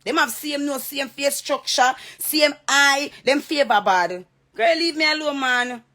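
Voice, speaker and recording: A Jamaican woman rants straight to camera in a heated, confrontational way, hammering the same points again and again. Her voice sits a little on the high side. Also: a little slow, bright, forceful tone. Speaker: social media personality. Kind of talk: direct-to-camera rant.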